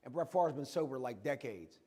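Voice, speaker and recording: A man giving a lively, conversational motivational talk about his own life, acting out bits of dialogue as he goes. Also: mid-range voice, brisk, slightly rough, in a large hall. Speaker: guest speaker. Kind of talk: motivational personal storytelling talk. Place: campus event hall.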